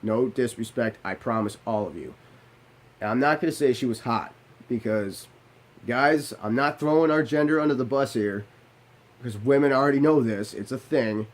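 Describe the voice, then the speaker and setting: A young man recounts a personal story in a loose, conversational way. He swears freely and pokes fun at himself in quick asides, with a voice sitting in an ordinary middle pitch. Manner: profane, self-deprecating, animated asides.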